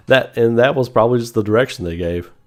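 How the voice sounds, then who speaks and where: A man from the Southern United States chatting casually on a livestream, animated and rambling, answering chat and laughing often. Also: medium pitch. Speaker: online gaming commentator.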